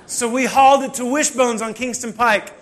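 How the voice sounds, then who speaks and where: A pastor with a notably high voice preaches in a relaxed, storytelling way. He drops to near-quiet asides, then bursts out loud. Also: normal speed. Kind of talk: sermon with personal storytelling.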